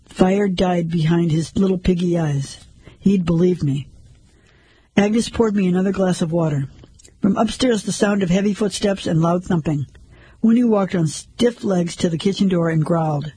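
A man narrating a first-person story in a measured, steady way. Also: sits high, slightly rough, dry recording, poor audio.

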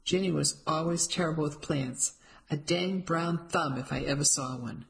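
Gruff elderly smoker woman, narrator puts her on, raspy and blunt, storybook reading. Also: mid-range voice, normal speed, fairly bright tone. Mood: indignant. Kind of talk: audiobook character voice.

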